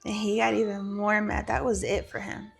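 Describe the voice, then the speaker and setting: A woman's voice: mid-range voice, level tone, normal speed, vocal fry, husky, soft background music. A woman talking frankly and profanely as a guest, telling a personal story with Spanish phrases mixed in.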